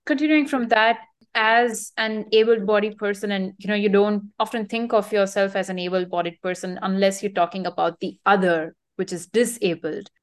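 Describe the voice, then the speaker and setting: Woman, interviewer, measured, careful phrasing, mid-range voice. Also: mid-range voice, fairly even intonation. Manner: measured, carefully framed questions. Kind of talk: interview question.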